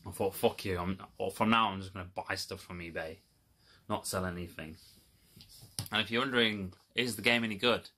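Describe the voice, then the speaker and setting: A man's voice: sits low, fairly quick, sharp tone. A man telling a rambling, swearing, exasperated story to his viewers in a casual vlog. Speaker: video creator. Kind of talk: casual rant to camera.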